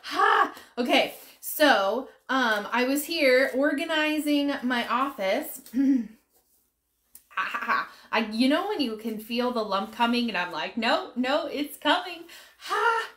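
A woman's voice: fairly high pitch, lively intonation, slow, a bit bright. A woman chatting casually on a live stream from her office, emotional and close to tears, laughing as she talks. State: tearful, fighting back crying. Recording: echoey room.

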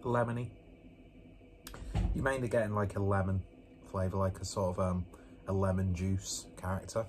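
A man with a fairly low voice talks through a beer review in a relaxed, rambling way. He breaks off now and then with joking, self-mocking asides. A faint hiss of background noise sits under his voice. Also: normal speed, pauses often. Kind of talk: casual beer review vlog. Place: indoors at home with a fan running.

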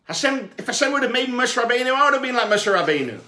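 A man voicing a defiant sinful man who argues loudly against his verdict in a heavenly court. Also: very high-pitched, sing-song, quick pace, roomy sound, voice pushed up, full character voice. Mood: protesting. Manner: indignant, pleading, raised voice.

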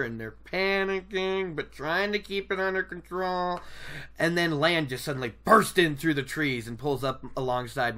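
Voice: medium pitch, bright, forceful tone. A podcast host chatting casually about a book, enthusiastic and rambling, laughing often.

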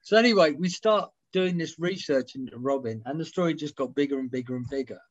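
Man telling animated stories. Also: a little high, a little fast, no room sound, lo-fi sound. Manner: animated anecdotes, swears freely, acts out quotes. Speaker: interview guest, music writer. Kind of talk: storytelling in a casual interview. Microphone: video call.

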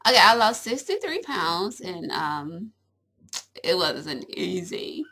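A woman's voice: on the low side, sing-song, slow pace, pushed and bright. A young woman chatting casually to camera at home. She is giggly and rambling and fills her talk with little asides. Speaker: vlogger.

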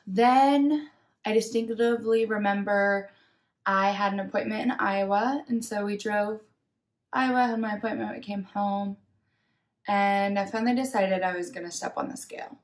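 A woman's voice: medium pitch, a little slow. A young woman vlogger candidly telling her own story, reflective and open, acting out what she told herself and others. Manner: candid, reflective, retells inner talk and dialogue. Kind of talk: personal storytelling vlog.

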